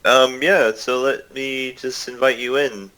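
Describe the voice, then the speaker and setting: A man voicing a big, bearded, gruff male sailor who rambles and chuckles while scheming. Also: mid-range voice, steady tone, unhurried, pushed and bright, voice pushed up, rough recording.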